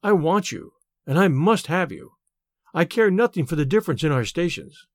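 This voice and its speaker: A man's voice: a little high, animated, normal speed, dry recording, clean studio sound, lightly acted. A man reading aloud, voicing an earnest young male suitor who pleads tenderly.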